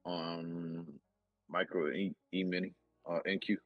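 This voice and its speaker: A man's voice: low voice, little pitch movement, slow, no room sound, muffled recording, faint music behind. A man on a live trading call, reading out price levels carefully with small fillers.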